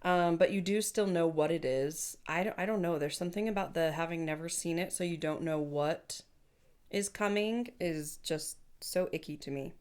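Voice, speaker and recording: A woman's voice: fairly low pitch, moderate pace, darkish tone. A woman co-hosting a casual podcast, reading listener stories aloud and reacting with playful teasing. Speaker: podcast co-host.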